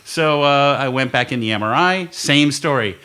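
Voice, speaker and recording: A man's voice: mid-range voice, moderate pace, sharp tone, clean tone. Rambling, swearing male podcast host. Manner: rambling storytelling, swears, laughs often. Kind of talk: casual chat. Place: recording studio.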